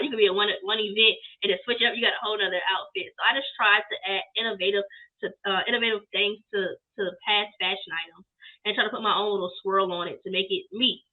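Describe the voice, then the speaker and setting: A young woman, a business owner, telling her story casually and lively in an interview. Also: medium pitch. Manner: lively storytelling, acts out quoted people. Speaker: guest, apparel business owner. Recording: tinny phone-line sound.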